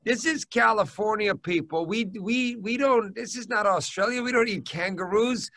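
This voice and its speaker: A comedian guest with a high, bright, sharp-edged voice, joking and teasing his host in playful banter. His talk is casual and quick to poke fun. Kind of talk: casual joking video chat.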